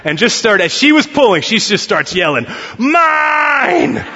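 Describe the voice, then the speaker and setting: Male pastor, thirties, earnest conversational sermon, bright tone, slightly high, dull reverberant hall recording. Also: very animated, brisk. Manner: earnest, conversational preaching with audience prompts.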